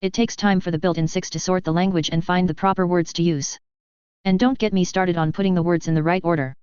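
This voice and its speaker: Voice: medium pitch, fairly even intonation, quick pace, darkish tone, clean tone, no echo, dull audio, lightly acted. A narrator voicing a small, practical female alien in a suit who explains things plainly. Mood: matter-of-fact. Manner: plain, matter-of-fact, explaining.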